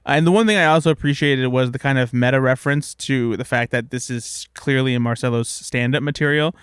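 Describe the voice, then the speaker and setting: A man co-hosting a podcast, giving measured opinions in casual chat. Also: mid-range voice, a bit bright, clear, resonant tone, dry recording, clean studio sound. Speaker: podcast co-host.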